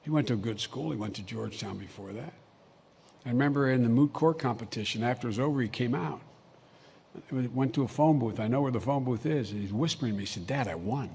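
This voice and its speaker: A man's voice: mid-range voice, fast, gravelly, a little mellow, a little hiss or hum. An older man giving a folksy, anecdotal public speech as vice president. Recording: long hall reverb, faint ambience.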